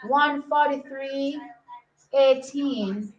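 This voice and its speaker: Excitable woman calling a race live. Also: high voice, extremely slow. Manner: excitable, thinks aloud, repeats herself. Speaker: track and field watch-along host. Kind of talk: casual live race commentary. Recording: slightly muffled lo-fi audio.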